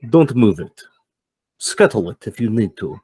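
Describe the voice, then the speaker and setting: A man's voice: fairly low pitch, sing-song, measured pace, a little mellow, breathy edge, no echo, exaggerated voice. A man voicing a scheming male fixer with cybernetic hands, speaking formally and in a raised voice.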